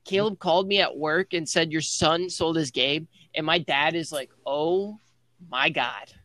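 A man's voice: fairly high pitch, steady tone, normal speed, sharp tone, dry recording. A young man telling a rambling story to friends on a podcast, packing it with "like.". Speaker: podcast guest. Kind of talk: casual chat among friends.

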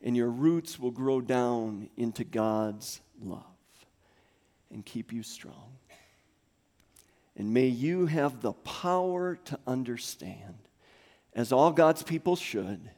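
A man in his thirties preaching a sermon in a church, swinging from soft near-whispers to loud, rising calls. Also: medium pitch, expressive, slow. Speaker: pastor. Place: church sanctuary.

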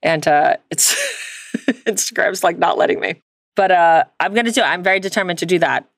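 Woman, podcast co-host, low voice, swears a lot, laughs often, dry close sound. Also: a little fast, creaky, dry recording. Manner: profane, laughs often, calls her co-host girl. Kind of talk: casual chat.

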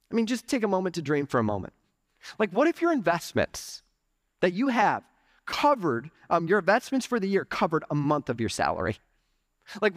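A young adult man preaching a conversational, animated sermon in church, peppering his talk with "like" and "okay". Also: sits high, moderate pace, dry recording, studio quality. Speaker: pastor. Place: church sanctuary.

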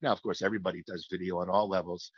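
A former hockey play-by-play announcer with a low, husky voice talks very fast with fairly even intonation, reminiscing reflectively in an interview and often restarting sentences. The audio is slightly muffled and lo-fi, with no room sound.

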